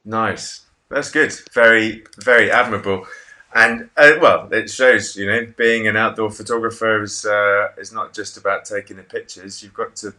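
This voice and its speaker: A man interviewing a guest, asking encouraging questions in a halting way and offering praise. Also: lowish voice, fairly even intonation, pushed and bright. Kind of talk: casual interview.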